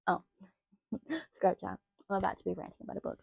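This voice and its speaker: A woman's voice: medium pitch, completely flat delivery, creaky, breathy edge, no echo, dull audio. A young Australian woman reviewing books in a chatty, rambling way that slides into rants. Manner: chatty, rambling, quick to rant. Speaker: book vlogger. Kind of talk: casual book review chat.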